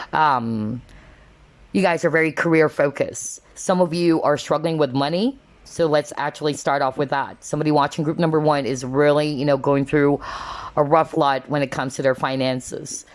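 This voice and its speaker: Her voice sitting low, a woman gives a casual tarot reading to viewers with earnest, emotional sincerity. She seems openly moved and uses plenty of fillers like "kind of, like" and "you know."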